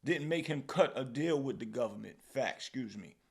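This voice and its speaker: A man with a New York accent hosting a podcast, giving casual, animated commentary and often tacking "man" or "bro" onto his lines. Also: medium pitch, normal speed, creaky. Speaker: podcast host.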